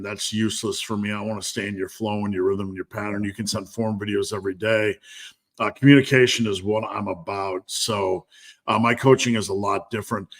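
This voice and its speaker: A man's voice: on the low side, fairly bright tone. A man hosting a live stream Q&A as a strength coach, talking candidly and bluntly with lots of fillers.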